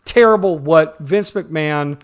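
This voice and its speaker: A man's voice: a little high, a little slow. A man co-hosting a podcast in casual chat, heated and profane, acting out quotes as he talks. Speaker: podcast co-host.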